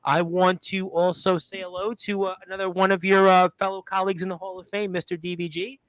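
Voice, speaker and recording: A man's voice: high-pitched, little pitch movement, a little fast, a bit bright, no room sound. A man from Brooklyn, hosting a casual radio interview and reading out listener comments in a rambling, filler-heavy way. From Brooklyn, New York. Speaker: radio show host.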